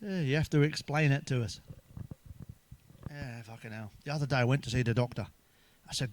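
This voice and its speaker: A man's voice: mid-range voice, fairly quick. A man telling crude stand-up jokes in a chatty, swearing manner, ending with tag questions. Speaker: stand-up comedian.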